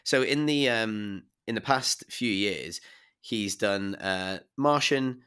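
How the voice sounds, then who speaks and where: Croaky man with a bright edge. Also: on the low side, slow. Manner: rambling, filler-heavy. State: hoarse, croaky from illness. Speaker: podcast co-host. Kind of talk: casual film review chat.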